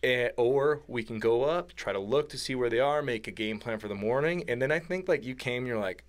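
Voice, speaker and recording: A man recounting a mountain hunt in relaxed podcast talk. He gets animated, laughs through the story and slips into quoted voices of his hunting partner. His pitch sits in the middle range. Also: a little fast. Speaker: podcast guest. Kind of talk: casual storytelling.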